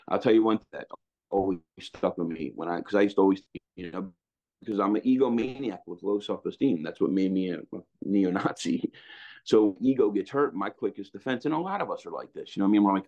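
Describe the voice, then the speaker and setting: A man's voice: low voice, fast talker, darkish tone. A middle-aged man telling his story in a candid conversation, rambling with many restarts and casual asides like "man" and "you know what I mean". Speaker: interview guest. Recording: dull lo-fi sound.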